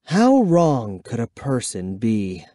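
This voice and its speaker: Man narrating slowly with lively expression. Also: medium pitch, no echo. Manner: expressive, measured first-person storytelling. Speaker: audiobook reader. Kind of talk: dramatic audiobook narration.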